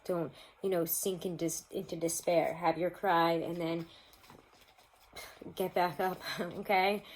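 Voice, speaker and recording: A woman's voice: lowish voice, darkish tone, low-quality recording. A woman giving a casual tarot reading to her viewers, chatty and rambling, laughing often. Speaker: tarot reader.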